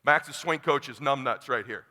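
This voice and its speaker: A middle-aged man from California giving a motivational talk, blunt and animated, acting out the dialogue as he tells a personal story. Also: medium pitch, moderate pace. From California, USA. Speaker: keynote speaker. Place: large conference hall. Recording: long hall reverb.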